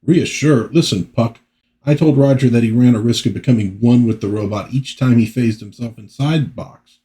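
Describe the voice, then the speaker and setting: A man's voice: mid-range voice, moderate pace, warm tone, natural voice. A man voicing a worried older scientist.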